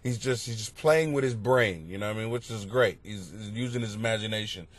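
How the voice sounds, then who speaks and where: A middle-aged male comedian telling rambling, profane stories on his podcast, bursting into loud exclamations. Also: on the low side, a little fast. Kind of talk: comedic storytelling monologue. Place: basement at home.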